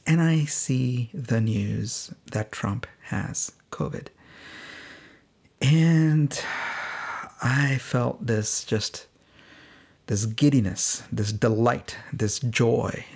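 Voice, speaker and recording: A man's voice: medium pitch, vocal fry, husky. A middle-aged man hosting a podcast, telling a personal story in a candid, sardonic way and laughing now and then. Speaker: podcast host.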